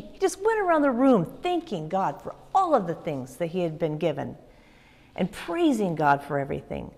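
A woman children's pastor giving a kids' church lesson, upbeat and expressive as she tells stories to children. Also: on the low side, normal speed. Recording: echoey room with long reverb.

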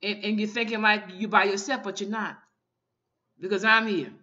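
A woman's voice: mid-range voice, steady tone, moderate pace, pushed and bright, dull audio. A woman minister giving an informal online sermon, fervent and often repeating her calls to the listener.

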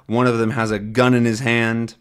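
A man teaching English, slowly explaining a comic to learners in simple, repeated words. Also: medium pitch, level tone, clean tone. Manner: slow, simple, repetitive explanations.

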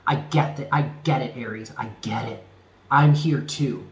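A man giving a spoken tarot reading, earnest and emphatic, often repeating himself and dropping low on key words. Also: moderate pace, reverberant. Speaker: tarot reader.

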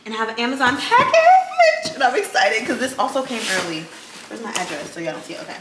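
A woman's voice: a little high, big pitch swings, quick pace, very noisy. A young woman, chatting casually to her viewers in a home vlog. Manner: chatty, talks to viewers as y'all. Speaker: vlogger. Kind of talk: casual vlog chat to camera. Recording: echoey room with kitchen clatter.

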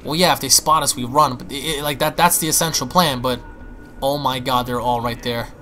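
A young man giving excitable, panicky gameplay commentary, stammering and restarting as he plays. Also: medium pitch, a little fast, faint music behind. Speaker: gaming YouTuber.

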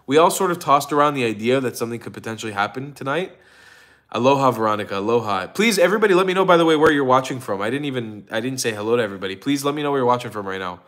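Yawning and worn out, this livestream host talks very fast in a medium-pitched, slightly bright voice. He rambles with lots of ums and restarts while calling out chat viewers by name.

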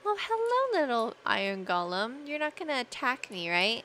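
A young woman giving excitable let's-play commentary, chatting to in-game animals and squealing when things go wrong. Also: fairly high pitch, moderate pace, slight background noise. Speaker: gaming video creator.

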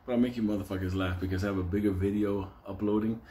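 A man's voice: fairly low pitch, fairly even intonation, fast talker, warm tone, slight background noise. A man telling a comic story in a loose, profane way, chuckling as he goes.

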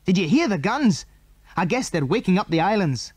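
A man voicing an eager, excitable fisher boy in an audiobook. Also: on the high side, normal speed, dry recording, voice pushed up, lightly acted.

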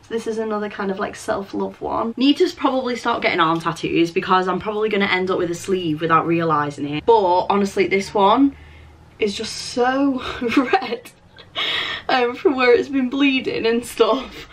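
Young woman, casual vlogger, chatty and flustered, talking into a handheld camera. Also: mid-range voice. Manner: chatty and flustered, quick asides. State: out of breath.

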